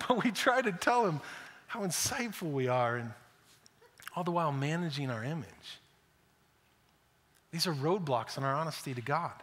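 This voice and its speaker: A man's voice: a little high, lively intonation, moderate pace, long pauses, fairly bright tone. A male pastor preaching a conversational sermon, acting out quotes and often repeating words. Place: church sanctuary. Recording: echoey church hall.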